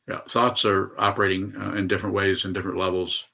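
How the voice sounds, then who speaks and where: Older man giving a bright dharma talk. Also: low-pitched, little pitch movement, quick pace, gravelly. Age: 80s. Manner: rambling, frequent hesitations and self-corrections. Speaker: Buddhist meditation teacher. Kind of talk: dharma talk answering questions.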